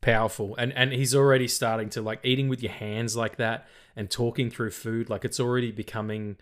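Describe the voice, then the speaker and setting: A man's voice: mid-range voice, flat delivery, fairly quick. Rambling man, sweary. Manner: rambling, swears freely, stutters and restarts. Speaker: podcast co-host. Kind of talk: casual film podcast chat.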